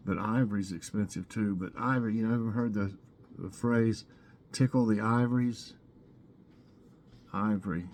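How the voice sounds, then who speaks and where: A man's voice: medium pitch, mellow, slight background noise. A man hosting a casual morning trivia vlog, chatting and musing as he reads out questions, options and answers. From Tennessee. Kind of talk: casual trivia quiz, reading answers aloud.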